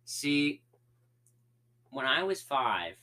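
A man's voice: medium pitch, very animated, very slow, bright, forceful tone. A young man co-hosting a casual podcast, joking and rambling, often repeating words. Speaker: co-host. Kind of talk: casual chat.

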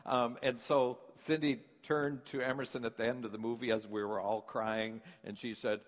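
An older pastor preaches a chatty, folksy sermon and keeps checking in with his listeners. His mid-pitched voice carries through a church sanctuary with a long reverb. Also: flat delivery, normal speed. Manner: storytelling, folksy, asks the congregation questions. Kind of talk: conversational sermon.

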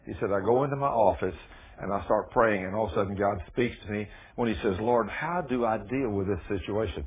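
Husky folksy man preaching over radio. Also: on the low side, brisk. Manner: folksy, rising to loud emphatic preaching. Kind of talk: sermon. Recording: muffled phone-like radio broadcast.

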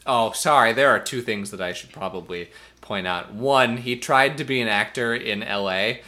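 A man's voice: medium pitch, normal speed, sharp tone. A man co-hosting a casual podcast, chatty and laughing often as he reads out facts. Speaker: podcast co-host. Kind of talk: casual chat.

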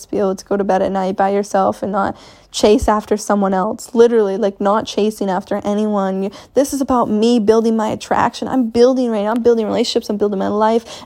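A woman's voice: medium pitch, warm tone. A woman hosting her own podcast, talking on her own in a blunt, profane, motivational way. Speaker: podcast host. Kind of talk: casual solo podcast monologue. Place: home in Maine.

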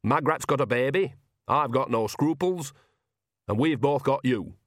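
A man's voice: mid-range voice, lively intonation, a little slow, dry recording, clean studio sound, voice pushed up, close to an everyday voice. A man voicing an earthy, shameless old witch woman who talks in a blunt, bawdy, down-to-earth way, in an audiobook reading.

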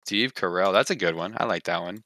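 A man's voice: low voice, fairly quick, pushed and bright, dry recording. A man co-hosting a podcast, talking in a casual, jokey, blunt way among friends and laughing often. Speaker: podcast co-host. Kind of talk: casual group chat.

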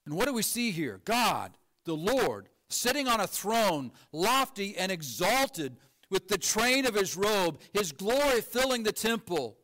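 A male pastor delivering a sermon in a notably high voice. He leans hard into emphasis, then drops to a hushed, quiet delivery, keeping an earnest preaching cadence throughout. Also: sing-song, unhurried. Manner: emphatic, shifts between ringing emphasis and hushed low delivery.

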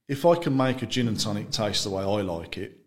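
Podcast guest: man, slightly low-pitched, relaxed rambling chat with frequent laughs. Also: a little fast. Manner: chatty, loose, laughs often, trails off mid-sentence. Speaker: gin brand founder, guest. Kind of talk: casual interview chat.

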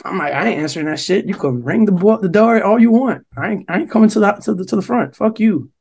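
A young New Jersey man co-hosting a podcast tells a long, profane story in casual chat, quoting what other people said. His voice is high, creaky and fast with lively intonation, heard over a noisy crowd.

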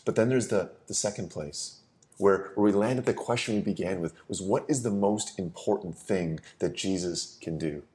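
A man preaching a conversational sermon, often repeating words as he starts a phrase and dropping to a soft, low voice on key lines. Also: normal speed.

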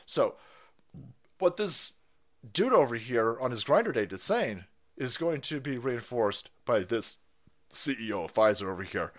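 A man's voice: medium pitch, very animated, unhurried, a bit bright. A man hosting a live stream, ranting heatedly and mockingly with lots of swearing. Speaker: stream host. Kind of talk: profane ranting commentary.

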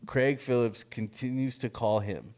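A middle-aged man telling a story in casual chat, animated, laughing often and swearing freely. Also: mid-range voice, a little slow.

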